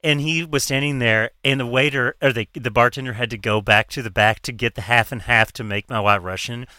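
Bright-voiced man, quick and expressive. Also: mid-range voice, clean tone, no echo, studio quality. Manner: expressive, laughs a lot, quick reactions. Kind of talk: casual chat.

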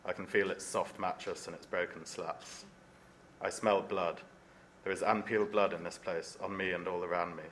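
A man reading as a teenage boy trapped alone in the dark, in a solemn, measured reading voice with no put-on accent. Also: low voice, fairly even intonation, slight background noise. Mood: haunted. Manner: solemn, measured reading in his own unaccented voice. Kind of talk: reading aloud from a novel.

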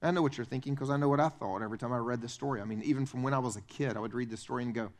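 A man preaching a sermon as pastor in a church, animated and conversational, acting out the voices of the people in his stories. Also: racing, hardly any pauses. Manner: animated, acts out quoted voices with big pitch swings.

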